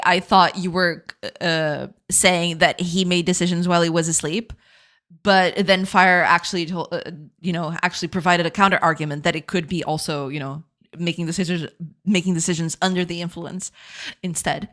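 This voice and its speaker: Streaming live as she builds a game, a woman with a lowish voice talks at a normal speed. She's relaxed and chatty, often laughing and responding warmly to viewers, and tends to repeat words as she searches for what to say.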